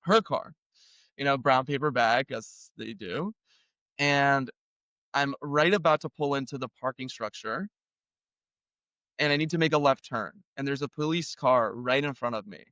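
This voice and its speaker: A young Canadian man telling a story casually as an interview guest, animated and acting out the voices of the people in it. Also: mid-range voice, unhurried, no echo, muffled recording. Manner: animated, acts out others' voices in quotes.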